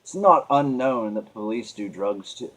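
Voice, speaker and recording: A man's voice: mid-range voice, lively intonation, fairly bright tone. Rambling, earnest man venting. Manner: rambling and earnest, with halting restarts. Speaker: vlogger. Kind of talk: casual venting monologue.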